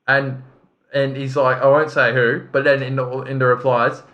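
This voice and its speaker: A man's voice: medium pitch, flat delivery, normal speed, highs cut off. Rambling man, podcast co-host. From Australia. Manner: rambling, stop-start storytelling with many restarts. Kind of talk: casual chat.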